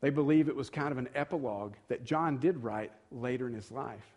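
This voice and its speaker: A man's voice: mid-range voice, a little fast, a little mellow. A male pastor giving a sermon in a conversational tone, acting out quoted dialogue and building to moments of emphasis.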